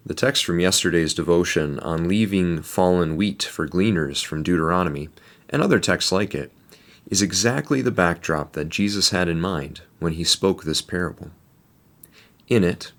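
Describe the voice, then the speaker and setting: A man with a deep, low voice gives a devotional reflection. He speaks in a measured, deliberate way and often poses rhetorical questions to his listeners. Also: a bit bright.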